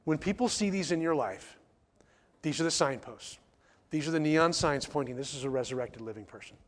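A man's voice: fairly high pitch, expressive, a little fast, slight background noise. A man preaching a sermon in church, emphatic, repeating key phrases and asking the congregation rhetorical questions. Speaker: pastor.

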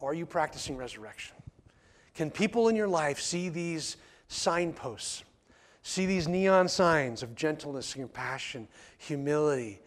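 Speaking at an unhurried pace with a fairly high pitch, this pastor preaches to his church congregation. His delivery is emphatic, full of repeated key phrases and rhetorical questions aimed at the listeners.

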